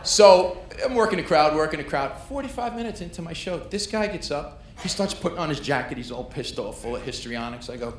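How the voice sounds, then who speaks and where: A man's voice: a little high, lively intonation, brisk, hardly any pauses. A middle-aged man doing a stand-up set, telling a brash, punchy story and working the crowd. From New York. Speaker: stand-up comedian. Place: comedy club stage. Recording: echoey club with audience noise.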